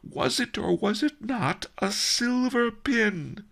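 A high, breathless, weepy merchant, plump and gluttonous, swinging between hushed whispers and anguished cries, as a man acts him out. Gravelly edges crack through the strained, slow storybook delivery. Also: animated, full character voice. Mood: frantic. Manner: breathless, whispering then howling and weeping. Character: gluttonous fat male merchant, emotional.

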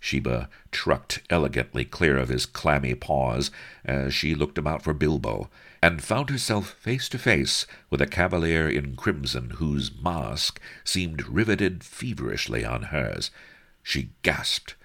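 Very deep, gravelly male storyteller. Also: expressive, measured pace, a bit bright. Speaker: narrator. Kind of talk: dramatic audiobook narration.

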